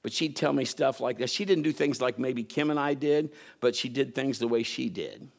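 A middle-aged pastor with vocal fry and a mid-range voice speaks at a normal speed. His sermon features family tales, playful imitations, and loud impressions.

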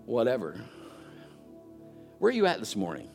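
A man's voice: lowish voice, wildly swooping pitch, moderate pace, vocal fry, soft background music. A middle-aged man preaching a sermon, telling family stories with playful mimicry. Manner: storytelling with playful mimicry and loud impressions. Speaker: pastor.

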